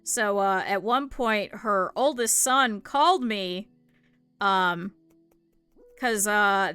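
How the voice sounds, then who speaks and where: A young adult woman from the Cleveland area, United States, chats casually on a livestream while crafting, rambling through anecdotes with lots of swearing, laughter, fillers and restarts, and voicing other people in her quotes. Her high voice is bright, sharp, clear and resonant. The recording is dry, with faint music underneath.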